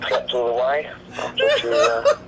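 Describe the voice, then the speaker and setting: A man's voice: mid-range voice, huge pitch swings, normal speed, heavy background noise. A man leaving a teasing, smug message, laughing as he talks. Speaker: phone caller.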